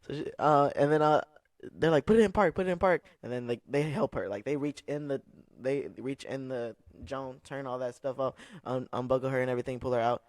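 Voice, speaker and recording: This podcast co-host spins a long story in casual conversation, checking in with listeners and repeatedly asking "right?" as he rambles on. His voice is medium in pitch, steady in tone and brisk. No room sound comes through.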